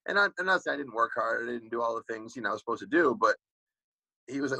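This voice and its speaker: A man in his forties with a husky, forceful voice talks fast as an interview guest. His stories wander, packed with "you know" fillers and restarts. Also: mid-range voice, animated, dry recording, poor audio. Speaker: guest, former pro football player. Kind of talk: casual interview talk.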